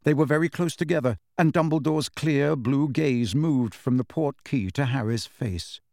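A man narrating a novel as an audiobook, with an expressive, varied delivery. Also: mid-range voice, moderate pace, no echo, studio quality. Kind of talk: scripted narration.

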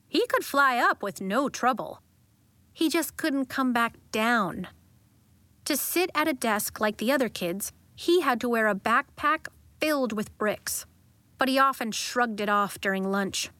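A woman narrating a children's audiobook in a calm, measured way. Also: a little high, dry recording.

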